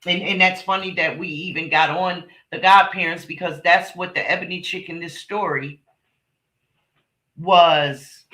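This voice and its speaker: Low-ish and bright, this middle-aged woman's voice is forceful yet fairly even in intonation, and a little slow. Hosting a casual livestream, she chats bluntly and emphatically with viewers, calling them by name, frequently repeating herself and cursing.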